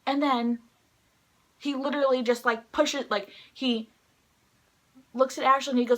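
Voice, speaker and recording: A young woman vlogger telling an excited, rambling story to the camera, filling it with "like" and acting out quotes. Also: a little fast. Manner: excited, rambling, heavy use of "like"; acts out quoted lines in a higher voice. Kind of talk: casual storytelling vlog.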